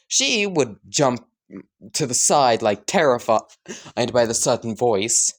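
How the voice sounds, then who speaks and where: Man, slow pace, rambling casual fan-story narration, fillers, swearing. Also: medium pitch, very animated.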